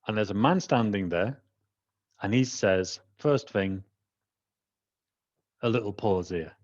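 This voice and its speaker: A low-voiced Welsh man recounts a personal anecdote and acts out the people he talks about. The recording is dull and lo-fi, as if from a modest home setup. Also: moderate pace. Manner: animated, acts out the people he quotes. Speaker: trainer. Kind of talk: personal storytelling monologue.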